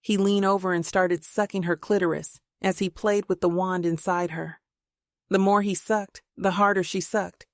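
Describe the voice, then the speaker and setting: A woman reading a novel aloud in steady, unhurried scripted narration. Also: lowish voice, gravelly, no echo, studio quality. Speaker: audiobook narrator.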